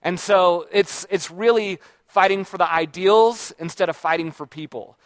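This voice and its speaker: In a dry recording with no echo, a male book reviewer muses loosely over what he has been reading. His voice is a little high and a bit bright, and his talk wanders, full of false starts and self-corrections.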